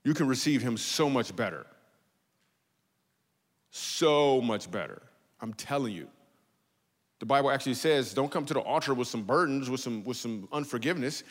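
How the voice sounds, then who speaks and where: Joking preacher in a reverberant church. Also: male voice, medium pitch, moderate pace, pauses often. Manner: conversational, joking, animated storytelling. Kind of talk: comedic church sermon. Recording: long hall reverb.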